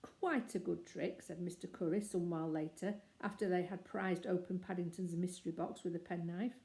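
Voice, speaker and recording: A woman reading a children's storybook aloud with lively character voices. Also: on the low side, fairly quick, low-quality recording. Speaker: narrator.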